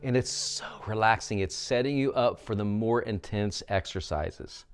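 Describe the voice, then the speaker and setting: A man coaching vocal exercises, guiding listeners through a warmup with upbeat instructions. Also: on the low side, moderate pace, over loud music.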